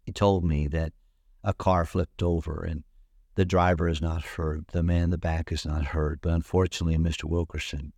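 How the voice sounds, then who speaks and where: Preacher guy, low deep voice, dry close sound, tells stories with lively acted quotes. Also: moderate pace, no echo. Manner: storytelling with animated acted-out quotes. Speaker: pastor. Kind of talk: sermon.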